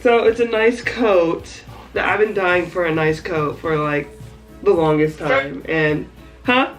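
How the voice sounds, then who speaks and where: A woman's voice: on the low side, slow pace, faint music behind, poor audio. A woman vlogging at home, gushing and laughing as she unboxes a care package. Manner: excited, gushing, often laughing. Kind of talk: casual vlog unboxing.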